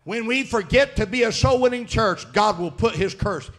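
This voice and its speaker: A man preaching a sermon as pastor, fiery, swinging between shouted declarations and low, quiet asides. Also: normal speed, soft background music.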